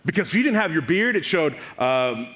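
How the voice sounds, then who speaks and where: A young male preacher gives a relaxed, joking sermon to young adults. His voice sits fairly high, and he keeps slipping into quick acted-out dialogue between characters. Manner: casual, joking storyteller acting out quick dialogues. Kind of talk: youth sermon.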